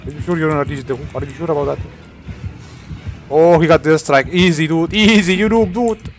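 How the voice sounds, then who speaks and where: Young guy streaming a horror game, loudish voice, yells and curses a lot, game music faint behind. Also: on the high side, normal speed. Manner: loud, swearing, bursts into shouts. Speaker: gaming streamer. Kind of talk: excited co-op gameplay commentary.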